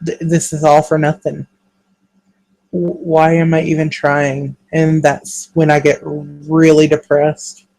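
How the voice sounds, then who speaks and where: A man talking in an earnest, halting, emotional way in a confessional vlog monologue, speaking to a webcam. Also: a little high, monotone, vocal fry, a little mellow, rough recording. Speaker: vlogger.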